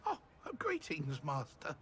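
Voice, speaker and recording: A man's voice: a little high, wildly swooping pitch, slow pace, a bit bright, full character voice. An actor playing a timid, fawning male house-elf servant in a video game, stammering and speaking of himself in the third person.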